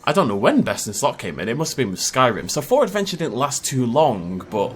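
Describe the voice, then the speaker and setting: Lively chatty man. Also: mid-range voice, a little fast, slight background noise. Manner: chatty, joking, laughs often. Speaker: gaming YouTuber. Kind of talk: casual gameplay commentary.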